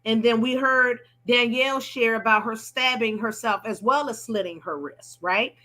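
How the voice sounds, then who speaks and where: A woman's voice: on the high side, normal speed, pushed and bright. A woman hosting a live panel talk, affirming her guests and explaining for viewers. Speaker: host.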